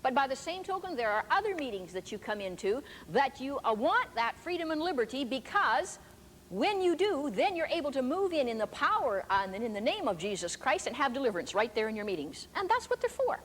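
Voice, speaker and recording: This older woman's voice sits high and is very animated, moving a little fast as she preaches. A preacher and teacher, she tells her stories with emphasis, and the recording carries hall echo and faint background noise.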